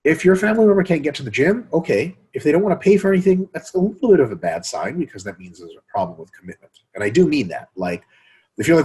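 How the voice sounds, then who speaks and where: A fast, animated man talks fitness in casual podcast chat, his pitch swinging widely as he mimics other people. His voice has a husky edge, and he swears freely. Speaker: podcast host.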